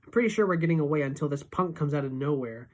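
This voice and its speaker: A teacher reading a novel aloud in steady, expressive first-person narration. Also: female voice, low voice, fast talker.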